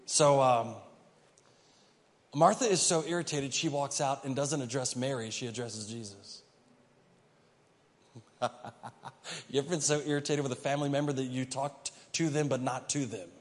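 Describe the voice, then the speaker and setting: A man's voice: mid-range voice, moderate pace, long pauses. A man pastor giving a conversational sermon, telling the story vividly and asking the congregation questions. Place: church sanctuary. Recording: reverberant church hall.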